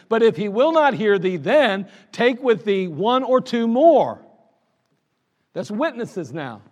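A man with a high voice preaches a sermon to his congregation in a conversational way. He reads old scripture verses aloud and slips into little acted-out scenes. The sound carries a long church reverb. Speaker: pastor. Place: church sanctuary.

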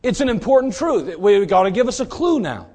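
A man delivering a sermon in a dramatic way, swinging between loud bursts and hushed asides. His voice sits high and moves with lively, wide swings of pitch. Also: fast. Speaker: preacher.

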